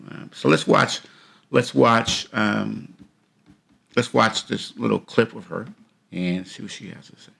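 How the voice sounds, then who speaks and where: A man's voice: lowish voice, measured pace, creaky, long pauses, fairly bright tone. A man hosting a podcast, giving casual, rambling reaction commentary with many repeated phrases and fillers. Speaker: podcast host.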